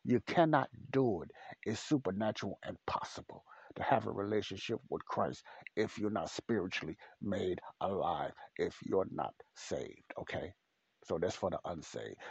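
A man's voice: deep voice, a little mellow, breathy edge, dry recording. A man preaching a podcast sermon, blunt and repetitive, speaking straight to the listener. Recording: dull, dry lo-fi recording.

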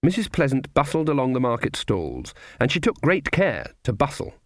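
A man narrating an audiobook in measured storytelling. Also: mid-range voice, wildly swooping pitch, dry recording, studio quality. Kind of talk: scripted narration.

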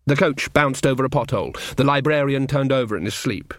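A man narrating a comic fantasy audiobook with expressive, playful storytelling. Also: mid-range voice, quick pace, few pauses, dry recording, studio quality. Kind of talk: scripted narration.

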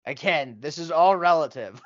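A man's voice: on the high side, moderate pace, fairly bright tone, muffled recording. A man co-hosting a casual podcast chat, laughing often and swearing a lot. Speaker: podcast co-host.

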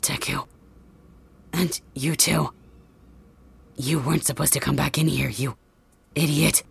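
Bakugo: a woman voicing a gruff, wounded young guy. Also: fairly even intonation, unhurried, full character voice. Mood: weak, tender. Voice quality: low, hushed and breathy. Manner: curt, insults people. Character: brash injured young male hero, gruff. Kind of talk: whispered role-play.

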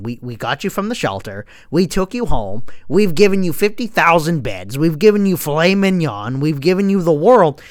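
A man's voice: fairly high pitch, big pitch swings, brisk, hardly any pauses, clean tone, no room sound, studio quality. A man ranting casually and comically to his listeners, profane and full of stammered restarts. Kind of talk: casual comedic rant.

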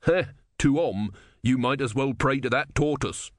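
A man's voice: mid-range voice, a little slow, no echo, studio quality, pitched above the performer's own voice, lightly acted. Give me a zealous, scornful soldier, voiced by a man in an audiobook. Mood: fervent. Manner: fervent, scornful. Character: bitter, zealous young male soldier.

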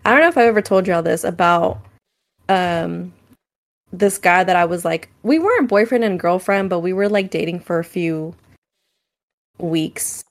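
This podcast co-host, a young adult woman, has a fairly low, animated voice at normal speed. She chats casually and shares candid personal stories, sprinkling in plenty of "like"s and "um"s.

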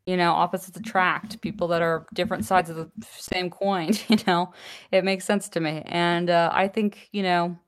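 A woman co-hosts a podcast in casual chat, laughing often and poking fun at herself. Her voice sits on the low side with little pitch movement, at a moderate pace.

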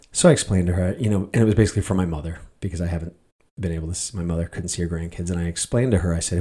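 A man's voice: sits low, steady tone, fast talker, warm tone, slightly rough. A middle-aged man hosting a podcast, telling a story in a rambling way with many fillers and restarts. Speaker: podcast host. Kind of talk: casual monologue podcast.

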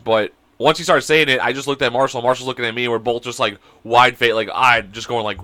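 A man's voice: medium pitch, steady tone, fast talker, hardly any pauses, sharp tone, no echo. A man co-hosting a podcast over a video call, telling crude stories in casual chat and laughing often. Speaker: podcast co-host.

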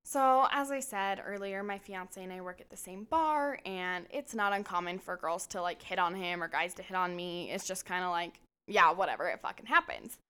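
A woman co-hosting a podcast, telling a story in a lively, emphatic way and swearing casually. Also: lowish voice, normal speed, few pauses, clean tone. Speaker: podcast co-host.

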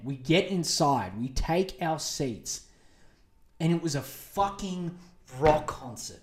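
A crude, animated man in his twenties tells a long story on a podcast. His voice sits a little high for a man. The room rings with a roomy echo. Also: measured pace. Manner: crude, animated, acts out quotes in raised voices. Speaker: podcast host. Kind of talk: casual storytelling monologue.

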